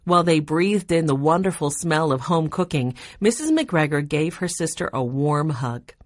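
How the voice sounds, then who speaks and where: Audiobook narrator: woman, low voice, dry close read. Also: expressive, moderate pace, no room sound.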